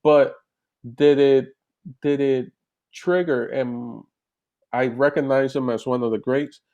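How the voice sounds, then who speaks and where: A man, a comedian, chatting casually in an interview over a video call, animated and rambling with restarts. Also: medium pitch, slow pace, muffled recording. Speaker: comedian guest.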